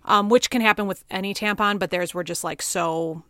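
A woman's voice: mid-range voice, brisk, no echo. Chatty young woman in a dry recording. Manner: chatty, frequent "like" fillers, lively emphasis. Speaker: podcast co-host. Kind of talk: casual chat.

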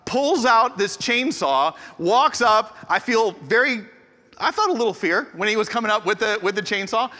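A man in his forties, a pastor telling a humorous, self-deprecating story in an animated way, in a large hall. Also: sits high, moderate pace. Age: 40s. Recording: echoey hall reverb.

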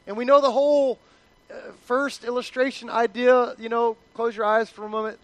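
Man, pastor, high voice, animated conversational sermon. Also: normal speed, dry recording, rough recording.

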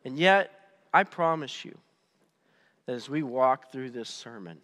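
A man preaching a sermon as pastor, conversational and animated, often restarting his sentences. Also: medium pitch, unhurried, long reverb tail.

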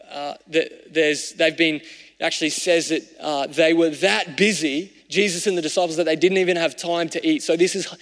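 A man preaching a sermon as a pastor, talking conversationally and moving between raised emphasis and hushed, reflective passages. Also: on the high side. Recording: long hall reverb.

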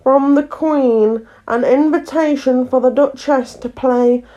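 A woman voicing a solemn, stolid male frog footman who speaks slowly and stays unbothered. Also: high-pitched, mellow, dull audio, pitched above the performer's own voice.

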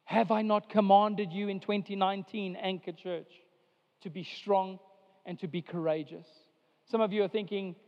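A male pastor delivering a sermon to his church, preaching with emphatic rises and slow, drawn-out lines. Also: sits high, steady tone. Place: church sanctuary. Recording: dull sound with long hall reverb.

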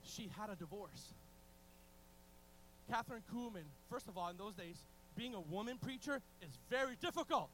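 Very high-voiced excitable male preacher. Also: moderate pace, slight background noise, poor audio. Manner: excitable, restarts often, swings from shouting to hushed. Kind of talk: sermon.

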